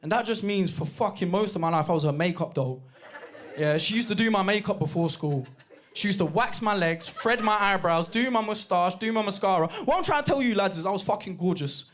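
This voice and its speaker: A man performing a lively stand-up set, telling stories with shouted impressions. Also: high-pitched, fairly quick, slight background noise. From Jamaican heritage, East London. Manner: animated storytelling with bursts of shouted impressions. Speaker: stand-up comedian. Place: comedy club stage. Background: audience laughter.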